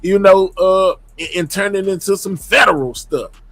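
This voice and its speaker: A man hosting a casual livestream, talking to his chat in an animated, slangy way. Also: sits high, normal speed, dry recording. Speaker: livestream host. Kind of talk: casual live commentary.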